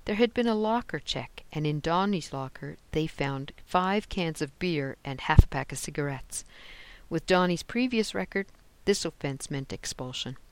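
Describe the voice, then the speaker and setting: Audiobook narrator, steady storytelling, middle pitch, dry close sound. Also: moderate pace, clear, resonant tone, no echo. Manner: steady storytelling, lifts for quoted lines. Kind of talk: scripted narration.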